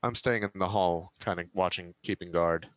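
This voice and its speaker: A man's voice: low-pitched, normal speed, dry recording. A young man playing a tabletop game, dry and matter-of-fact with a weary edge. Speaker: player. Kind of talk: casual tabletop play.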